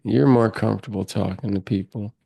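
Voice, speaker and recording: A man co-hosting a podcast in casual chat, laid-back and low-key with wry asides. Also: fairly even intonation, a little fast, gravelly, warm tone, slightly rough, no room sound. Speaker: podcast co-host.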